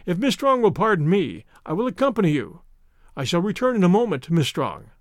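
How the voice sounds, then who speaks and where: A man reading the part of a calm, stern gentleman hero, speaking in a measured way. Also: high-pitched, dry recording, clean studio sound. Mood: polite.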